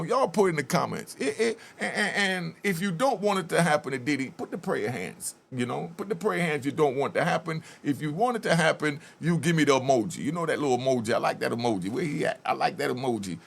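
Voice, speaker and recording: A man's voice: a little high, lively intonation, fast talker, gravelly, slightly rough. A man hosting a channel, casually commenting over a video and telling his own prison stories, acting out what people said and urging viewers to comment. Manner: storyteller who acts out quoted speech and keeps urging viewers to comment.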